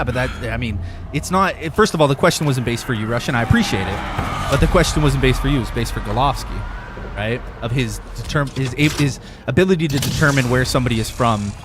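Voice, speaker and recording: A man's voice: mid-range voice, noisy background. Rambling, swearing streamer man from Canada. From Northern Ontario, Canada. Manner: rambling, argumentative, swears freely. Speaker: game streamer. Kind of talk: casual chat with stream viewers.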